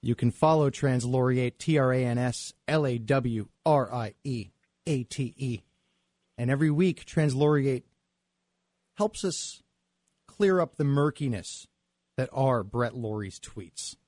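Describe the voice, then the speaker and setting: A man's voice: mid-range voice, unhurried, darkish tone, no room sound, clean studio sound. A man hosting a late-night radio show, joking and laughing often as he chats. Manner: jokey, laughs often, reads out tweets. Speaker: radio host.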